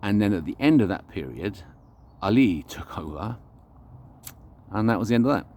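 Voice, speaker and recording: A man's voice: lowish voice, animated, normal speed, darkish tone. A man vlogging an unscripted, reflective monologue, talking earnestly and searching for his words as he goes.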